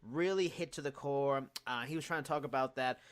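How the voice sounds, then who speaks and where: A man's voice: medium pitch, fairly quick. A man hosting a podcast, chatting casually and breaking down details analytically. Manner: analytical, talks through details at length. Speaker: podcast host. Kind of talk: casual chat.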